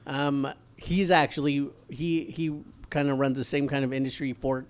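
Halting man recapping a movie plot. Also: mid-range voice, fairly even intonation, clean tone. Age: adult father. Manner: hesitant, lots of ums and restarts while recapping plot. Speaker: podcast co-host. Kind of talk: casual movie chat.

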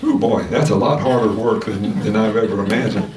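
A man teaching a casual Sunday school lesson, talking in a halting way with many restarts and fillers. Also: fairly low pitch, fairly even intonation, crowd noise. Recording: roomy sound from a distant mic.

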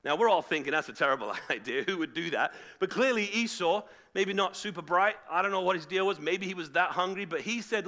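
A man preaching to a live congregation, retelling a story in a casual, animated way and acting out the voices of its characters. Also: sits high, a little fast, hardly any pauses. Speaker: pastor. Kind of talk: sermon storytelling. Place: church hall with live audience, also streamed online.

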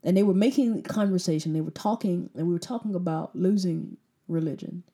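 Woman, preacher, sermon, mellow warm tone, emphatic, repeats lines for effect. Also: on the low side, fairly quick. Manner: emphatic, rhetorical questions, repeats phrases.

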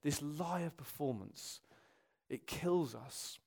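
A young man preaches a sermon to a congregation, animated and earnest, swinging from loud exclamations down to quiet, serious tones. His voice is fairly high and creaky, and he takes it slowly.

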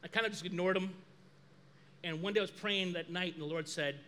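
A man preaching a sermon as pastor, lively and animated, acting out quoted dialogue. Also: a little high, fast.

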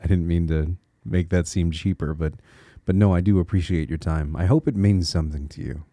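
Talking fairly quickly with fairly even intonation, a Connecticut man hosts his solo podcast in a low-pitched, mellow voice. His manner is earnest, reflective and encouraging, with little restarts as he works through his thoughts. The recording is dry.

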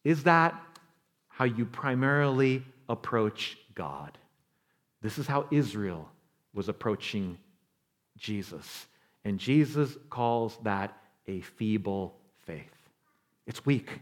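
A man preaching a sermon as pastor, telling stories with animation, acting out quoted voices and dropping to a quiet, slow delivery for emphasis. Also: fairly low pitch, expressive.

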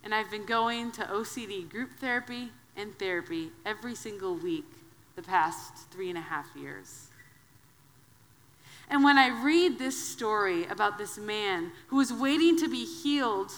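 A woman from Wisconsin, in her thirties, preaching a sermon as a guest preacher, telling personal stories in a conversational, animated way. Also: on the high side. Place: church sanctuary. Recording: long hall reverb.

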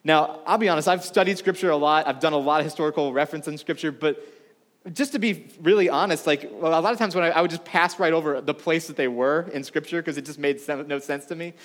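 A man's voice: on the high side, quick pace, big-room sound. A man preaching a sermon to a congregation in a casual, conversational way, full of asides. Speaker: pastor. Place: church room before a congregation.

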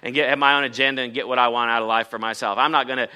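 A man's voice: mid-range voice, fairly even intonation, very fast, sharp tone, a little hiss or hum. A man, a pastor, voicing an arrogant man who scoffs at living by faith, dismissive and defiant. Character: arrogant scoffing man refusing to wait on God.

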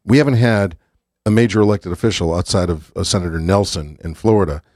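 Brief: politician guest, lowish voice, measured pace with ums, dry studio sound. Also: male voice, darkish tone, no echo. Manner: measured, fills pauses with um and uh. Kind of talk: radio studio conversation.

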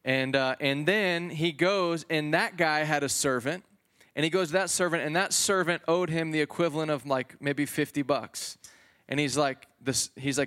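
A man's voice: medium pitch, fairly even intonation, moderate pace, a bit bright, clear, resonant tone. Male pastor, chatty sermon delivery, resonant and clean tone. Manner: conversational preaching with fillers and casual slang. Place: church hall before a congregation.

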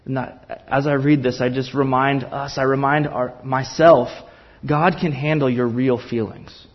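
A man preaches a sermon with earnest, impassioned drive and builds his points through emphatic repetition. His voice sits at a middle pitch, and the recording sounds slightly dull. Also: fairly even intonation, a little slow. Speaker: pastor.

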